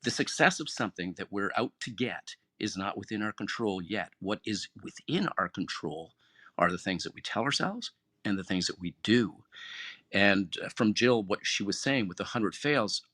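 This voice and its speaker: A man's voice: on the low side, lively intonation, moderate pace, pushed and bright, dry recording, studio quality. A man hosting an online audio room, giving an earnest, encouraging motivational talk. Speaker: host. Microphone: phone or headset in an online audio room.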